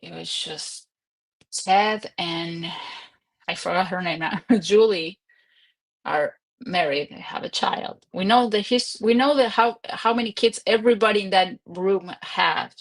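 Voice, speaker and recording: A woman's voice: mid-range voice, unhurried, gravelly. A young woman hosting a casual livestream from home, chatty and rambling, laughing often. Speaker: livestream host.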